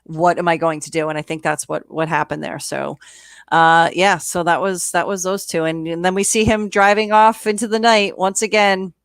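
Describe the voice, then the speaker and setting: A woman co-hosting a podcast, telling the story of a show in a casual, profane, animated way. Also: on the low side, moderate pace, vocal fry, clean tone, no echo, studio quality. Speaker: podcast co-host. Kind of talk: casual chat recapping a reality show.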